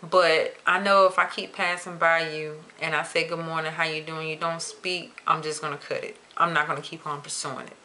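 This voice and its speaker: Chatty bright-voiced woman vlogger. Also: low-pitched, a little hiss or hum. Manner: chatty, expressive, drawn-out emphasis. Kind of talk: casual chat to camera.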